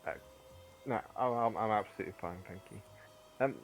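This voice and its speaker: Gravelly-voiced tabletop player. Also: male voice, fairly low pitch, fairly quick, a little hiss or hum. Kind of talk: casual game chat.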